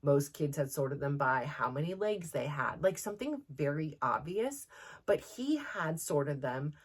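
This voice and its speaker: Low-voiced rambling woman host. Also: animated, a little slow, slightly rough. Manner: rambling, many fillers and restarts. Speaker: podcast host. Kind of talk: casual chat.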